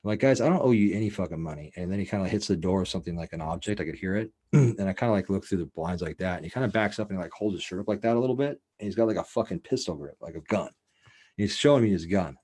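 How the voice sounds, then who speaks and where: A man's voice: sits low, very fast, a little mellow. A man hosting a podcast, telling a rambling, profane story in a loose, casual way and filling it with "like" and "you know.". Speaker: podcast host.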